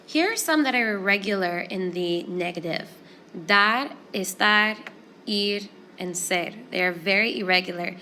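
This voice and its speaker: A woman teaches a Spanish lesson, walking through each rule in a clear, patient, step-by-step way. Her voice sits at a medium pitch, with a faint hiss of noise behind it. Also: measured pace. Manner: clear, explanatory, steady step-by-step pacing. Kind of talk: classroom grammar lesson.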